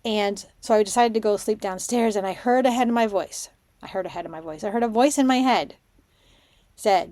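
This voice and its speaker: A woman hosting a spiritual podcast, telling stories in an excitable, rambling way and dropping to a hush for her inner thoughts. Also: mid-range voice, a little fast, no echo. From Canada. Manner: excitable storytelling, drops to a hushed voice for her own thoughts. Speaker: podcast host, spiritual mentor. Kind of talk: casual monologue podcast.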